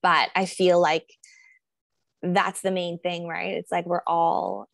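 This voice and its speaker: A woman with a lowish, gravelly voice, musing aloud in a relaxed podcast interview. She rambles and reflects, leaning on fillers as she talks. The sound is dry and close. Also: slow pace, dry recording. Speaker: guest, body acceptance coach.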